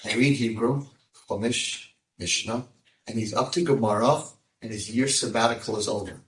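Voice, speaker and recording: A rabbi telling a story to a live audience, moving between hushed passages and loud, emphatic bursts. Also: male voice, fairly low pitch, moderate pace. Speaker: rabbi and speaker. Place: room with an audience. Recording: echoey room, voice from a distance.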